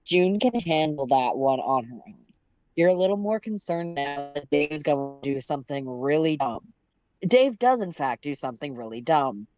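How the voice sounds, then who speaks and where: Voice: mid-range voice, animated, moderate pace, darkish tone, faint music behind. A livestream co-host reading a fan story aloud in second person, casually breaking off to laugh and chat. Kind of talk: casual read-aloud narration with chatty asides.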